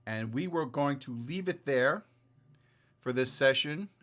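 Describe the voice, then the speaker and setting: A man narrating a tabletop role-playing game as game master, halting with many fillers and restarts. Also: mid-range voice, animated, a bit bright.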